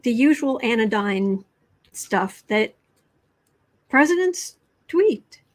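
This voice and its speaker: A woman hosting a casual tarot livestream, talking in a halting way with many ums and restarts, blunt and sarcastic. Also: a little high, very animated. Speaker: tarot and astrology livestream host. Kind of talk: casual political commentary livestream.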